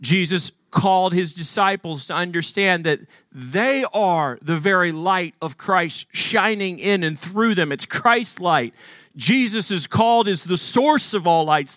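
A man's voice: sits high, expressive, measured pace, fairly bright tone, no echo, clean studio sound. A man from Arkansas preaching a sermon as pastor, earnest and emphatic, asking the congregation questions.

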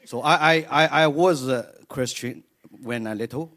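A man from China with a Chinese accent, telling his story on stage in halting English and laughing often. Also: medium pitch, a bit bright. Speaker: church guest. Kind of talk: on-stage testimony interview.

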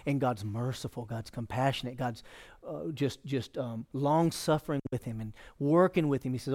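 A man's voice: mid-range voice, moderate pace, a little mellow. A male pastor preaching a sermon in a folksy, conversational way.

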